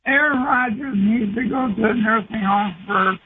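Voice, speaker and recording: A man calling in to a radio show, sharing blunt, excitable sports opinions over the phone with a gravelly voice. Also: sits high, normal speed. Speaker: caller. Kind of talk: phone-in chat. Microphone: telephone. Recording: tinny phone line with faint noise.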